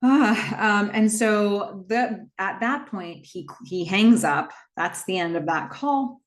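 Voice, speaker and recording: A woman hosting a casual horror movie recap, retelling the plot in a chatty way with quick asides. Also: medium pitch.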